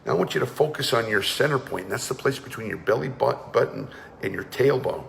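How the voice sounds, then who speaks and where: A man's voice: medium pitch, animated, brisk, vocal fry, long reverb tail, a little hiss or hum. A man leading a guided energy and breathing class, talking firmly and urging listeners to join in. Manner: commanding, urges listeners to participate. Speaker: energy awareness coach.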